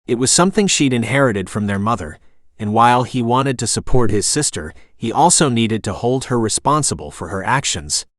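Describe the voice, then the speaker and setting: This is a male audiobook narrator voicing a scripted romance at a moderate pace, his mid-pitched delivery calm and steady, with softly handled dialogue. The sound is close and dry, with no room sound or echo.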